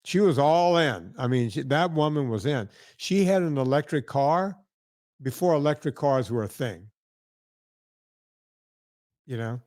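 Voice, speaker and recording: A man's voice: mid-range voice, lively intonation, measured pace, long pauses, darkish tone, no echo, studio quality. A man hosting a podcast, telling rambling stories in casual chat and often checking in with "right?". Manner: rambling, tag questions like "right?". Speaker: podcast host.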